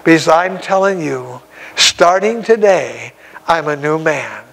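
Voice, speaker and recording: A man's voice: on the high side, animated, slow, fairly bright tone, exaggerated voice, rough recording. A man voicing a humble older farmer giving an earnest, plainspoken church testimony.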